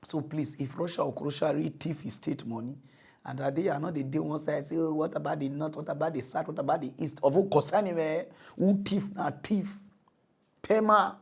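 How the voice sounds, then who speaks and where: A man speaking Nigerian Pidgin English, hosting a satirical mock news show in an animated rant that swings from mutters to loud outbursts. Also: fairly high pitch, brisk, gravelly, breathy edge. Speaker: comedy news host.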